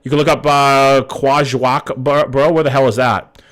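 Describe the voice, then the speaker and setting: A man's voice: mid-range voice, flat delivery, moderate pace, a bit bright. A man, casually chatting and swearing as he reacts to viewers' hometowns live. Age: 30s. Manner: casual, profane, reads chat aloud. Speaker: live streamer. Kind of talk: live stream reaction chat.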